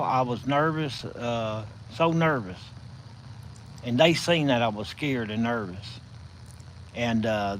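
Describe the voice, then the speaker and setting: A man with a Southern US accent hosting a casual live stream from his phone, telling stories in a folksy, drawn-out way. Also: medium pitch, slight background noise, rough recording. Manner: folksy, drawn-out storytelling with chuckles.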